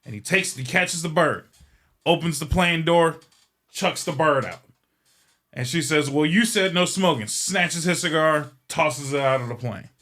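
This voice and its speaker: A man's voice: on the high side, unhurried, fairly bright tone. A man hosting a podcast, telling a long joke in a casual, rambling and profane way. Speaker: podcast host. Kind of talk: casual storytelling.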